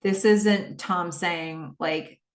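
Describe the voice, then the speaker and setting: A woman's voice: on the low side, steady tone, extremely slow. A woman hosting a podcast, casually recapping a TV episode and acting out the characters' lines. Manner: chatty, acts out lines of dialogue. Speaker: podcast host. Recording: echoey room, distant mic.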